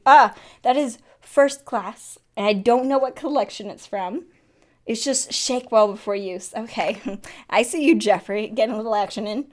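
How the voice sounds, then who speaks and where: A young woman in a casual makeup unboxing vlog, chatty and excitable, often gasping and laughing. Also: a little high, moderate pace. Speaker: beauty vlogger.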